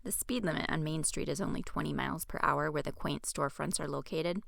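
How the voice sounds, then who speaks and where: Woman narrator, own audiobook, wry first-person telling, gravelly voice, dry close sound. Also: low-pitched, brisk, fairly bright tone, no room sound. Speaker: author reading her own audiobook.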